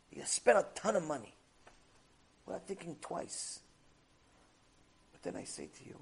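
A man with a fairly high, husky voice delivers a Torah lecture. He drives his points home with emphatic, repeated rhetorical phrases. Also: lively intonation, a little fast. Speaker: Torah teacher.

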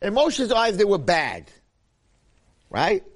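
Animated man teaching a Torah class. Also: sits high, slow. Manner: animated, acts out quotes, repeats phrases.

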